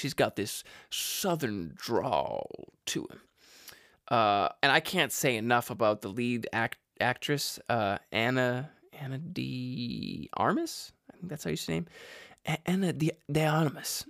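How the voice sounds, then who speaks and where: A man's voice: medium pitch, lively intonation, a little slow, vocal fry, a bit bright, no room sound, clean studio sound. A man casually rambling through movie recommendations, stumbling over words and cracking jokey asides. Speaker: vlogger reviewing movies.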